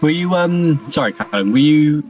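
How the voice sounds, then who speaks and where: A man's voice: on the high side, expressive, moderate pace, a little mellow, distant mic, lo-fi sound, soft background music. A man commentating a sim race, chatty and self-deprecating. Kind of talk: live sim racing commentary.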